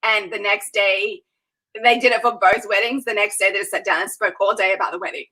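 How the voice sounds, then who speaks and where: In a casual interview, a wedding planner tells stories about her events with lively, animated energy, laughing freely and often. Her medium-pitched voice is bright and forward with a slightly husky, breathy grain, and she talks a little fast over poor audio.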